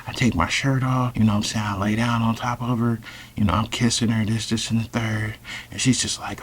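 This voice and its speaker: A man telling a personal story in a casual, animated and profane vlog style. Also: fairly low pitch, fairly quick, slight background noise. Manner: animated, profane, many fillers.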